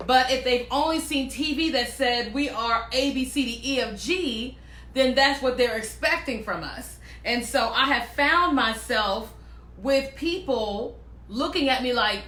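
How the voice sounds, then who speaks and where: A woman shares her own stories in a loose, casual way and slips into the voices of the people in them. Her voice is bright and a little high. The room has a noticeable echo. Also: a little slow. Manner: animated, acts out quoted voices, laughs often. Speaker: speaker sharing personal stories. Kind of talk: casual storytelling monologue.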